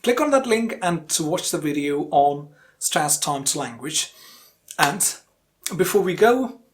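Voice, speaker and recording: A woman teaching an online English pronunciation lesson who speaks clearly and deliberately, slowing down to repeat example words. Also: low-pitched, animated.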